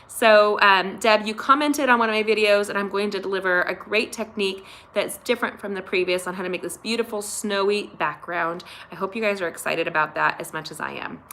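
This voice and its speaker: A woman's voice: medium pitch, brisk, few pauses, bright, forceful tone, a little hiss or hum. A middle-aged woman hosting a chatty live card-making tutorial from her home, gushing over supplies and talking straight to her viewers. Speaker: craft channel host. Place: home craft room.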